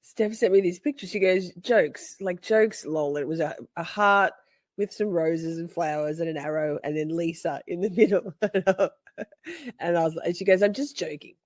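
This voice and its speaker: A woman chatting casually as she reacts to a trial, giggly and playful, swinging from soft whispers to high squeals. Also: moderate pace, dry recording, clean studio sound.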